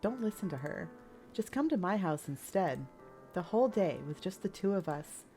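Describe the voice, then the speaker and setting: A woman doing Yuri, a soft, obsessive girl. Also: on the low side, big pitch swings, moderate pace, faint music behind. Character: obsessive lovestruck young woman, softly intense. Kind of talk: reading game dialogue aloud.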